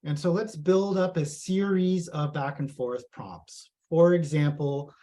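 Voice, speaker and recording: A man's voice: on the high side, measured pace, mellow. Chatty man giving a tech talk. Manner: casual, chatty, reads audience chat aloud. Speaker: tech presenter. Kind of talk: live tech presentation.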